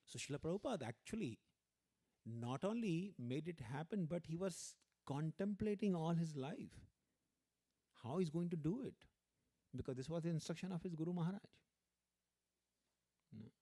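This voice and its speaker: A man giving a religious lecture as a guest speaker, telling stories in an animated way, often saying "you know" and acting out the people he quotes. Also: a little high, moderate pace, long pauses. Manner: animated storyteller, acts out quoted voices, frequent "you know".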